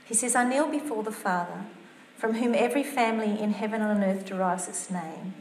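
A woman's voice: mid-range voice, a little fast, darkish tone, slight background noise. A woman preaching a topical sermon in an earnest, conversational way, reading scripture aloud. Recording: roomy church sound.

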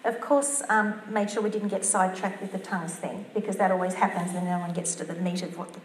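A woman's voice: lowish voice, steady tone, fast, slight background noise. A woman preaching a topical sermon in an earnest, conversational way, reading scripture aloud. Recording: roomy church sound.

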